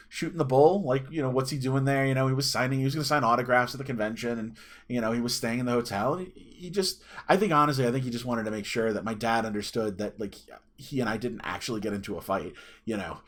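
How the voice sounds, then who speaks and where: A man's voice: mid-range voice, a bit bright. A man in his thirties chatting and telling a personal story as a channel host, rambling with fillers and restarts. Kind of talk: casual storytelling to camera.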